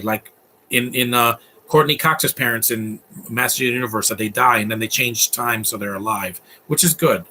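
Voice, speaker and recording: A man's voice: medium pitch, sharp tone, a little hiss or hum. A man in his thirties giving a casual, opinionated live commentary on a film, chatty and full of fillers. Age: 30s. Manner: chatty, opinionated, laughs often, many fillers.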